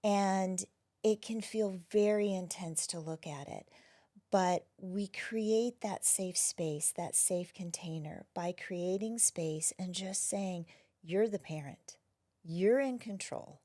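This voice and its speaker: A woman who is a wellness practitioner, talking gently and reflectively as an interview guest, often dropping to a soft near-whisper. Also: fairly low pitch, takes it slowly. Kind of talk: casual interview conversation.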